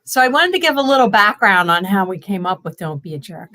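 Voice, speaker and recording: A woman's voice: medium pitch, sing-song, fairly quick, pushed and bright, slight background noise. Woman, magazine editor, casual chat, chatty, storytelling, amused.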